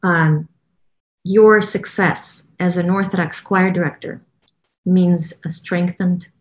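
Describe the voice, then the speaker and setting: A woman choir director with a Russian accent talks casually to promote a training program, her voice on the low side and steady. She takes her time, with many fillers and restarts.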